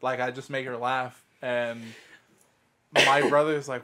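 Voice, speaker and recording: A man's voice: mid-range voice, steady tone, a little slow, bright, forceful tone, slight background noise. A man co-hosting a casual podcast, swearing freely and laughing along as he tells about his mom. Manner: cusses freely, chuckles often, backchannels a lot. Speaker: podcast co-host. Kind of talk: casual chat.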